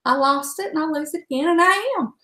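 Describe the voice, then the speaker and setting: A woman talks loosely and frankly at home while she cooks for her viewers, with a salty word now and then. Her voice sits a touch high. The room around her is echoey. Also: quick pace, a bit bright. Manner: chatty, rambling, frank and salty. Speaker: home cook livestreaming. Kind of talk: casual chat while cooking.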